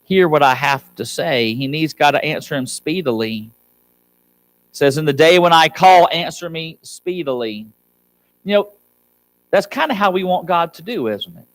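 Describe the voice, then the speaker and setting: A man preaching a sermon as pastor, emphatic, swinging between loud cries and soft asides. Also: on the high side, animated, normal speed. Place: church sanctuary.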